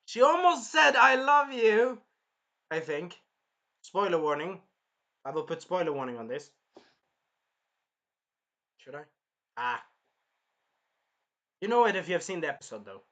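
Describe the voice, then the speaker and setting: A young man hosting his own channel, recapping an anime episode in casual chat, animated and swearing now and then. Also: fairly high pitch, measured pace, pauses often. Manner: animated, swears, bursts into loud acted-out quotes. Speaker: anime reviewer and channel host.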